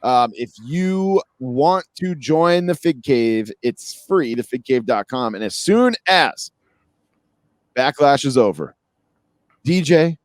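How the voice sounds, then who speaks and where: A man co-hosting a podcast, talking casually and joking in quick asides, with a light western Massachusetts accent. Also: mid-range voice, animated, no room sound. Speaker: podcast co-host. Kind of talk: casual chat.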